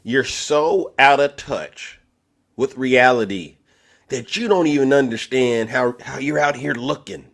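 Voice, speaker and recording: A man hosting a live online debate stream, teasing his guest theatrically and swinging from loud outbursts to hushed asides. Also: mid-range voice, lively intonation, measured pace, vocal fry. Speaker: livestream debate host. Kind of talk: animated mocking commentary.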